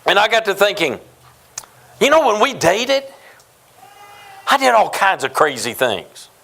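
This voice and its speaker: A pastor in his fifties from New Mexico preaches with a notably high voice. He tells his points as folksy, humorous stories from his own life. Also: sing-song, a little slow, gravelly, bright, forceful tone. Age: 50s. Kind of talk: sermon.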